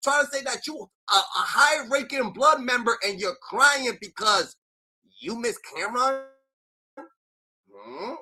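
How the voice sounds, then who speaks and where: A man giving ranting commentary, animated and profane, packed with filler sounds. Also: very high-pitched, measured pace, poor audio.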